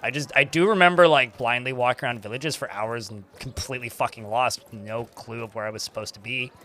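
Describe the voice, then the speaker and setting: A young man giving casual gameplay commentary, joking and rambling, thinking out loud and swearing freely. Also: mid-range voice, fairly quick, a little hiss or hum. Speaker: streamer playing a game.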